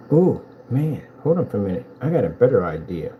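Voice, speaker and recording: A man selling projector screens in a boastful, taunting vlog rant, telling animated stories with big swings in pitch. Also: a little fast, few pauses, muffled recording, slight background noise. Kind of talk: ranting promotional vlog.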